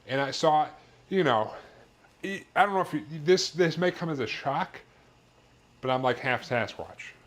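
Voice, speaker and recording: A man's voice: on the high side, expressive, a little slow, pauses often. A man streaming while he cooks in his home kitchen, chatting casually and rambling with lots of fillers, restarts and easygoing swearing. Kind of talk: casual chat while cooking.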